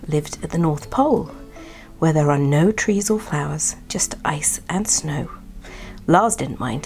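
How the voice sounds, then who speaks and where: Gentle woman storyteller, hushed and half-whispered, melodic delivery. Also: low-pitched. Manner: soft, partly whispered. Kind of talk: soft bedtime story reading.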